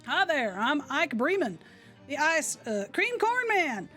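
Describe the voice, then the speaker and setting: A woman's voice: high-pitched, very animated, slow, bright, forceful tone, soft background music, full character voice. A woman voicing a folksy male vendor with easygoing salesman patter.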